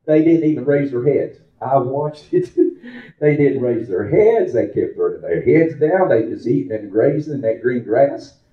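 A man's voice: medium pitch, sing-song, a little slow. A man preaching a sermon, telling a folksy story that builds to fervent exclamations. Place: church. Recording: roomy, dull lo-fi church recording.

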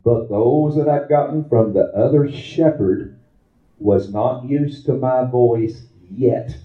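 A man with a mid-range voice preaches slowly in a church, telling a folksy story that rises into fervent exclamations. The recording is roomy, dull and lo-fi.

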